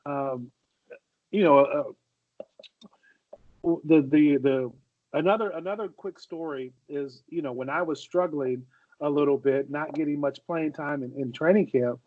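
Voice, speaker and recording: Man in his 40s telling stories, higher-pitched. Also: measured pace, long pauses, dry recording. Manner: anecdotal, repeats and restarts phrases. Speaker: podcast co-host, former football player. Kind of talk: casual storytelling chat. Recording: dull, dry lo-fi audio.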